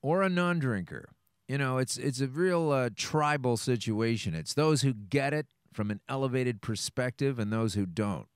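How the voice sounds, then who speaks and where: A man's voice: mid-range voice, moderate pace, clear, resonant tone, no echo, studio quality. A man hosting a podcast, talking bluntly and casually, introducing a clip and commenting on it. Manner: blunt, swears, lively intonation. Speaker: podcast host.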